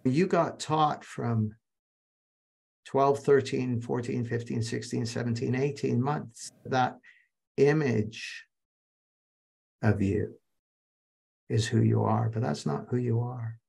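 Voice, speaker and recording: Brief: male masterclass speaker, rough husky voice, story-driven delivery over a video call. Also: medium pitch, steady tone, slow pace, pauses often, a little mellow. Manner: anecdotal storyteller, addresses audience directly. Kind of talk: live online teaching talk.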